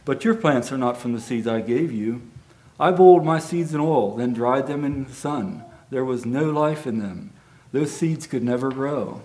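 A wise old king with a commanding, proclaiming delivery, as a man reads him aloud. The voice is of middling pitch and speaks at an even pace, like an announcement to a courtyard. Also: normal speed, lightly acted, low-quality recording. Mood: solemn. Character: wise stern king addressing young men.

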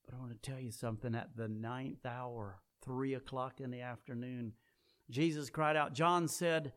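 A man preaching a sermon, swinging between loud emphatic peaks and low quiet passages. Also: a little slow.

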